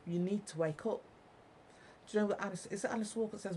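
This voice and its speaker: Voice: mid-range voice, steady tone, a little fast, dark tone, slight background noise, rough recording. A speaker in an angry monologue to viewers, ranting, repeating and swearing heavily. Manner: ranting, heavily profane, repetitive. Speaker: vlogger.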